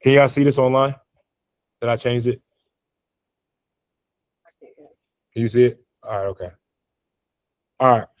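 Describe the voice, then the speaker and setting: A man's voice: medium pitch, rough recording. A man teaching a college physics class, talking casually with lots of fillers and quizzing students as he goes. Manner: conversational, lots of fillers, asks the class questions. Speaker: physics instructor. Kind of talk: classroom lecture. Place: classroom, also streamed online.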